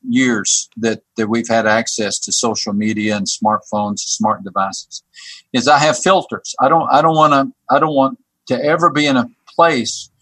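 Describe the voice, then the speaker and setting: A man who works on a church staff tells a personal story as a guest. He talks haltingly, repeating words and restarting his sentences. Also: medium pitch, steady tone, bright, forceful tone, dry recording. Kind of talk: telling a personal story on a podcast.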